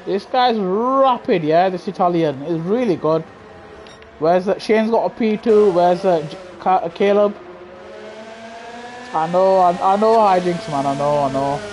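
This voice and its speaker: A man streaming live racing gameplay from a home setup on a gaming headset, chatting to viewers and breaking into loud, frustrated outbursts. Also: sits high, measured pace, a little hiss or hum. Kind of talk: live sim-racing commentary.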